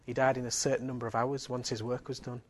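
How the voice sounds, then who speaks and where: A man's voice: mid-range voice, little pitch movement, fast. Earnest preacher man. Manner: emphatic, earnest preaching with repeated phrases. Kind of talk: sermon.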